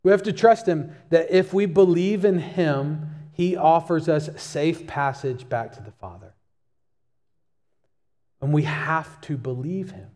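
A man's voice: a little high, measured pace, mellow, long reverb tail. A male pastor preaching a sermon, emphatic and repeating key phrases for stress.

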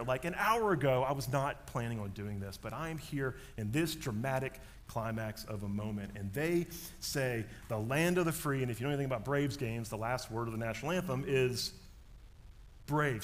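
A man, preaching a sermon and telling a story in an animated way, dropping to a hush and then rising loud. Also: medium pitch, moderate pace. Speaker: pastor.

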